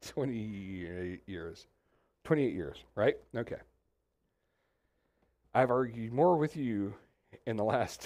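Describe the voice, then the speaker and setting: Animated pastor preaching. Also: male voice, mid-range voice. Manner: animated, conversational, talks straight to the congregation. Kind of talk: sermon. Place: church sanctuary.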